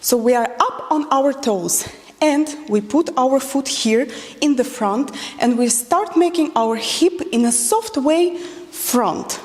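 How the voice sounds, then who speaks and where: A woman's voice: high voice, animated, takes it slowly, a little mellow. A woman teaching a dance lesson, counting beats aloud as she demonstrates moves and explains common mistakes. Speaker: dance instructor. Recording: long hall reverb.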